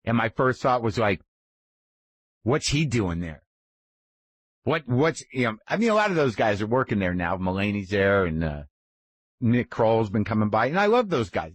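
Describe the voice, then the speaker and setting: Man in his fifties, podcast host, rambling and profane, low-pitched voice, dry close sound. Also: no echo. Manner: profane, rambling, self-deprecating. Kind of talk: casual monologue.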